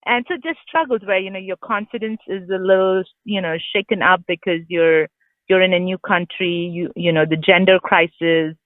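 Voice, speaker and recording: A woman's voice: lowish voice, steady tone, moderate pace, dry recording. Indian english accent woman, candid rambly interview guest, phone line sound, dry. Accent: Indian English with British influence. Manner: candid, chatty, many fillers and restarts. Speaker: guest author. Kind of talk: casual interview chat.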